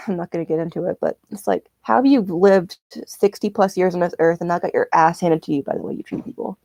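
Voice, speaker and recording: Swearing woman with a dark voice. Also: on the low side, fast talker, no echo. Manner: profane, ranting storyteller. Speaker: streamer. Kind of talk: casual chat while knitting.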